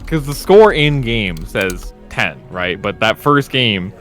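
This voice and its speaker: A man's voice: on the low side, big pitch swings, slow pace, fairly bright tone, faint music behind. A man co-commentating a fighting game stream, breaking down plays in a casual, analytical way and laughing easily.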